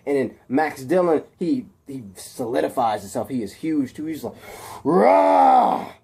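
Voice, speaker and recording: A man's voice: medium pitch, moderate pace, warm tone, breathy edge. A man telling a superhero story off the cuff, rambling with many fillers and restarts, throwing in his own sound effects. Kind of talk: improvised spoken fan story.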